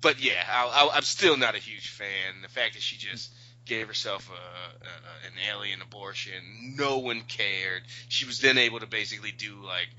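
Bright-voiced man, blunt podcast co-host. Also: fairly low pitch, normal speed, dull audio. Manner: blunt, opinionated. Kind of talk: casual chat.

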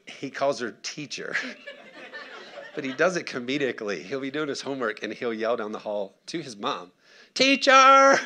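Here a preacher in his thirties gives an animated sermon at medium pitch, talking as if in conversation. Along the way he acts out quotes and asks his listeners to respond.

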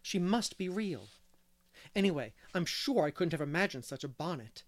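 A man reading a classic novel aloud as narrator, measured and unhurried. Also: on the high side, lively intonation, dry recording. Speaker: audiobook reader. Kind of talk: scripted narration.

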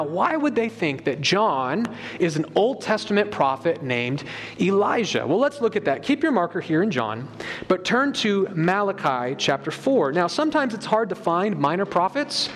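A man preaching a sermon, explaining a Bible passage emphatically and reading scripture aloud to his congregation. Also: high voice. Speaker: pastor. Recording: long hall reverb.

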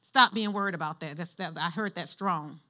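A woman's voice: fairly low pitch, normal speed, sharp tone. A woman pastor preaching a sermon in church, using call-and-response and having the congregation finish her lines.

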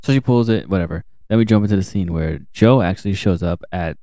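A man's voice: low voice, fast talker, dark tone, no echo, clean studio sound. A young man co-hosting a podcast, recapping a TV show in casual, crude, joking chat and acting out characters' lines.

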